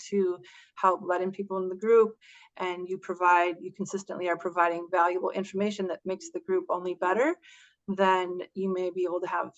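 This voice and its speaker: A woman's voice: on the low side, little pitch movement, brisk. Woman, guest presenter, hesitant, restarts often, video call, dull audio. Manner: hesitant, many fillers and restarts. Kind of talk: webinar presentation.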